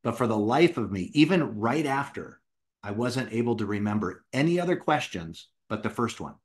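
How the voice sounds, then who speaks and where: A middle-aged man who writes children's books tells his personal story in an animated way and acts out what he said back then. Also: medium pitch, normal speed. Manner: animated, acts out his own past words. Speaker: children's book author and founder.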